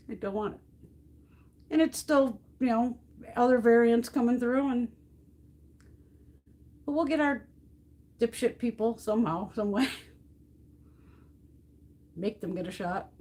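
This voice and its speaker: A middle-aged American woman hosting a makeup livestream, chatting casually and ranting bluntly with plenty of swearing. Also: a little high. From United States. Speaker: beauty livestream host. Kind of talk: casual chat while depotting makeup.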